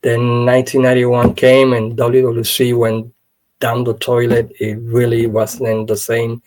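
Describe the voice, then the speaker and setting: A man hosting a podcast, telling a story in a casual, animated way with many "you know" fillers. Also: medium pitch, measured pace, low-quality recording. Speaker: podcast host. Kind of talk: casual wrestling history commentary.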